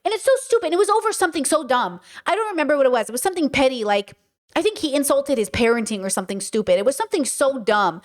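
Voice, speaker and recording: A woman host giving casual commentary and telling a personal story in an animated, profane, conversational way. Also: high-pitched, fast talker. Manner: animated, profane, conversational, reads chat aloud.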